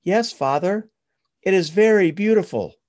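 A man's voice: high-pitched, expressive, a little slow, darkish tone, voice pushed up. A man voicing a frightened little girl bunny in a storybook, speaking timidly and asking questions.

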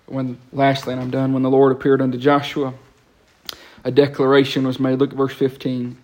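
A man, preaching a lively sermon in a church and breaking into quick asides and repeated words. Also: medium pitch, dull audio. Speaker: pastor. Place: church sanctuary.

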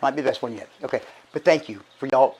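A middle-aged man gives casual church announcements as archbishop, hoarse and short of breath, chatty and folksy with halting restarts. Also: mid-range voice, a little mellow, rough recording. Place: church sanctuary.

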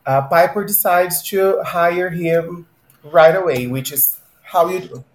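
A man's voice: high-pitched, fairly even intonation, slow pace. Chatty man in an echoey room. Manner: laughs easily, chatty with filler ums. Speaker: podcast co-host. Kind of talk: casual book discussion. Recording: roomy echo.

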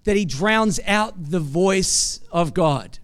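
High, clear-voiced man preaching a sermon. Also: takes it slowly. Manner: conversational, quizzes the congregation with frequent "right?"; animated storytelling with acted-out asides.

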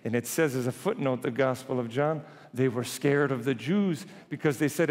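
A man preaching a sermon as a priest, retelling scripture in lively everyday voices. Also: mid-range voice, moderate pace, few pauses, big-room sound.

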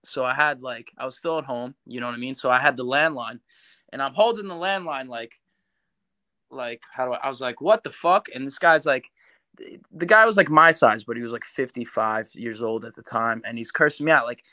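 Man, podcast guest, casual animated storytelling, lots of swearing, mid pitch, dry sound. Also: a little fast, dry recording. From New York. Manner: animated, swears a lot, acts out quoted voices.

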